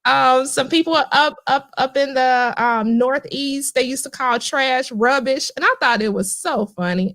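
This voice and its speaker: Woman host, Midwestern accent, high-set chatty voice, casual storytelling over a video call. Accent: Midwestern American. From Midwest US (Cincinnati). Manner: chatty, storytelling, animated asides. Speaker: livestream host. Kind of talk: casual livestream chat.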